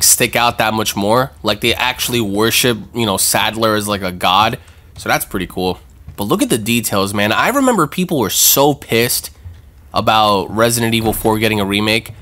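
Excitable man doing let's-play commentary. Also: fairly low pitch. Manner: excitable, swearing, jumpy reactions. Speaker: gaming channel host.

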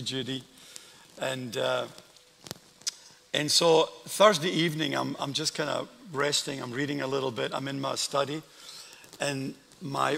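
A man's voice: mid-range voice, gravelly. An older man with a Scottish accent, a guest pastor telling stories and preaching to a congregation in a large church. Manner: warm storytelling with asides to the congregation. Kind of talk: sermon. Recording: church hall reverb.

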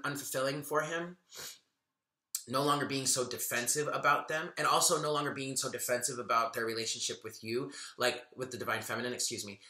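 Bright-voiced man reading tarot. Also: mid-range voice, reverberant. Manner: chatty, earnest, thinking aloud with fillers. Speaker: tarot reader. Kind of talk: casual tarot reading commentary.

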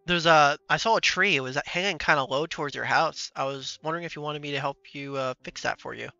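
A man's voice: a little high, quick pace, gravelly, bright, forceful tone, muffled recording, faint music behind. A man commenting playfully on a game as he plays, laughing often as he talks to the characters. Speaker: gaming streamer. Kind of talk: casual gameplay commentary.

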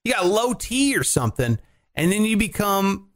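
A man with a high voice rants on a casual talk podcast, swearing freely and getting more worked up as he goes. His delivery is loose and conversational, into a studio mic. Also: moderate pace. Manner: profane, animated ranting.

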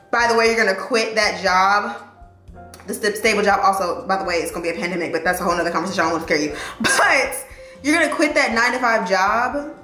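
A young woman chatting in a get-ready-with-me vlog, animated, slangy and emotional as she encourages her viewers. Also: fairly high pitch, roomy sound. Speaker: vlogger and lawyer.

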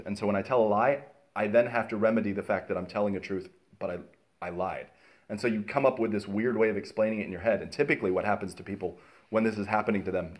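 A man teaching a casual Bible study, telling stories in an animated way with many fillers and restarts. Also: fairly low pitch.

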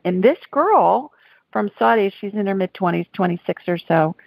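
Gravelly woman hosting a call-in show. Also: medium pitch, expressive, moderate pace, no echo, low-quality recording. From Alabama. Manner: chatty, warm-hearted, laughs often. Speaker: call-in show host, psychic. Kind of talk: call-in radio chat.

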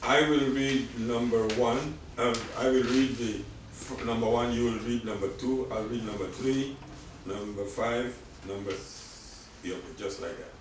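A man's voice: medium pitch, steady tone, a little slow, noisy background. A man teaching a language class, patiently repeating words for his students to echo back. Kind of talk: classroom vocabulary drill. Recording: echoey room, far from mic.

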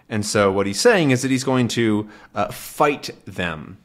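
A male English teacher explaining a comic to learners in a relaxed way, with many "um"s and "right?"s. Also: fairly low pitch, measured pace, few pauses. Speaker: English teacher, channel host.

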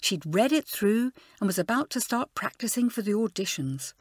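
A woman narrating a children's storybook in an expressive, animated way. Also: mid-range voice, moderate pace, few pauses, husky, no echo, clean studio sound. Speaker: audiobook narrator.

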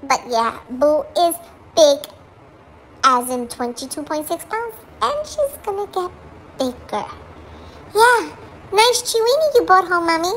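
A woman's voice: sing-song, unhurried, pauses often, a little hiss or hum, full character voice. A woman voicing a small, jealous, dramatic female chihuahua who chats away and switches between English and Spanish. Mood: complaining. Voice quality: very high, bright dog voice.

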